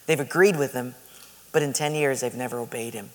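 A man preaching a sermon, telling a story in a lively way with laughter. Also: mid-range voice, fairly quick, big-room sound.

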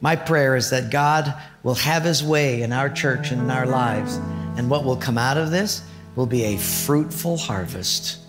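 A male pastor preaching a sermon in an expressive storytelling manner. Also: mid-range voice, measured pace, over music.

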